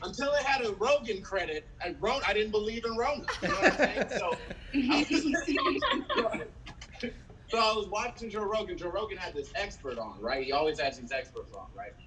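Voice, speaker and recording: A man from San Diego performing an animated stand-up set, swearing freely and acting out quotes. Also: high-pitched, moderate pace, far from the mic, crowd noise, rough recording. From San Diego, USA. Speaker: stand-up comedian. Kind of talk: live-streamed stand-up set.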